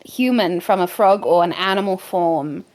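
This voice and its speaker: A woman narrating as game master of an improvised tabletop game, in a gentle, unhurried way. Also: fairly low pitch.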